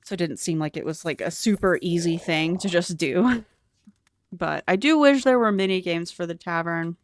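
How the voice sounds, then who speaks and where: A woman's voice: on the low side, no echo. A young woman streaming a cozy game, chatting with viewers and thinking aloud in a curious, talkative way. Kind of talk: casual gameplay commentary.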